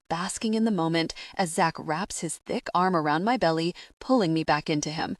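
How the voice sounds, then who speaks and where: A woman's voice: fairly low pitch, normal speed, hardly any pauses, no echo, studio quality. A woman narrating a first-person romance audiobook with a wry, sassy storytelling manner.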